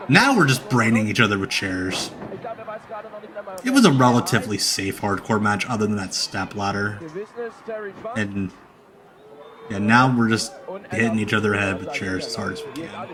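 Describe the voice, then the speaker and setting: A man's voice: fairly low pitch, lively intonation, measured pace, long pauses, a crowd in the background. A young man hosting a live watch-along stream, joking and enthusing about the match. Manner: jokey, enthusiastic banter. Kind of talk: casual watch-along commentary.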